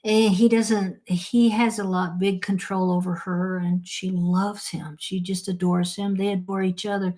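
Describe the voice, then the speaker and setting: A woman's voice: medium pitch, flat delivery, measured pace, few pauses, dark tone. A woman co-host chatting casually over a call, her voice in an ordinary mid register. She rambles through personal stories and swears without hesitation. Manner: candid, rambling storyteller who swears freely. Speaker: podcast co-host. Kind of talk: casual chat. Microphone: phone or call audio.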